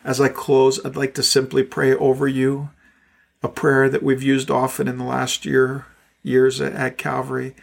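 A man's voice: mid-range voice, monotone, moderate pace, vocal fry. A man pastor delivering a podcast sermon and prayer, with a fervent, repetitive prayerful cadence.

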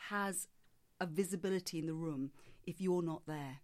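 A woman voice coach answering interview questions in a measured, explanatory way, sometimes demonstrating her own voice. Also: on the low side.

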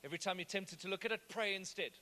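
Fast-talking and forceful, this man has a high, bright voice as he preaches. The pastor's delivery is conversational, and he regularly asks the congregation whether they're following.

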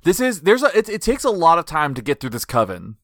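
A man's voice: on the high side, wildly swooping pitch, brisk, no echo, studio quality. A man co-hosting a podcast in casual banter, amused and laying out explanations. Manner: amused, explains things, laughs easily. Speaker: podcast co-host.

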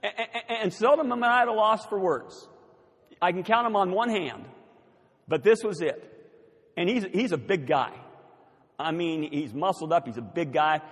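An older man, preaching a sermon as pastor and telling a story with animated, building emphasis. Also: sits high, moderate pace, pauses often, slightly rough. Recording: long reverb of a church hall.

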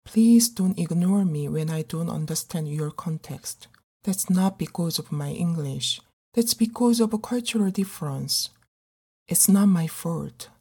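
A middle-aged woman actor performing a dramatic monologue in an earnest, pleading, measured way. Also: lowish voice, warm tone, husky. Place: living abroad as a migrant in a big city.

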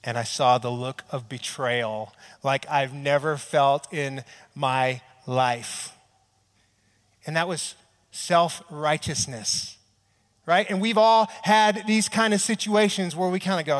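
A man's voice: on the high side, fairly even intonation, takes it slowly, in a large hall. A man preaching a sermon to a church audience in a conversational, storytelling way, often checking in with "right?" and acting out little quotes. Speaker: pastor. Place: large church hall with an audience.

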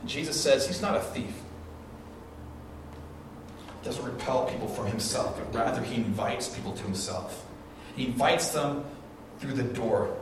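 Pastor's echoing sermon voice from afar. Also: male voice, mid-range voice, a bit bright. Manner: conversational storytelling with frequent restarts and repeated phrases. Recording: echoey hall recording from a distance with faint noise.

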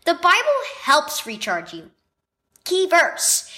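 Bright, lively woman reading a devotional. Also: sits high, unhurried. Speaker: devotional reader. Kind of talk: children's devotional story reading.

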